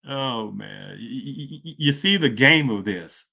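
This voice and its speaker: A man's voice: medium pitch, creaky, bright, forceful tone. A man giving opinionated political commentary in a rambling way, asking rhetorical questions and often correcting himself. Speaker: video commentator.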